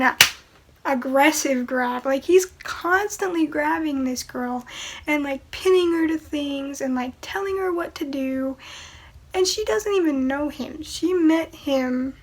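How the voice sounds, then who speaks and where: A woman with a high, bright-pitched voice talks through a movie in an unhurried, drawn-out way. She is chatty and opinionated, breaking into exasperated asides as she reviews it. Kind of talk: casual film review.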